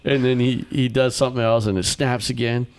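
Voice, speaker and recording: A man hosting a podcast, telling a story in casual chat and acting out the people in it with sudden high-pitched quotes. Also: fairly quick, clean tone, no echo. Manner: animated storyteller, acts out quotes with big pitch jumps. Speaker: podcast host.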